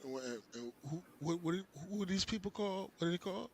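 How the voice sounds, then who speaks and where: Raspy high-voiced man hosting a stream. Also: expressive, quick pace. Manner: laughing, loud and teasing, then preachy sign-off. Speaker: stream host. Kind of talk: casual live-stream chat.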